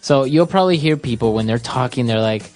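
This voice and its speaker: A woman's voice: rumbling low, expressive, fast, a little mellow, faint music behind. A woman hosting an English lesson podcast, explaining phrases steadily with frequent affirmations. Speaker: podcast host, English teacher.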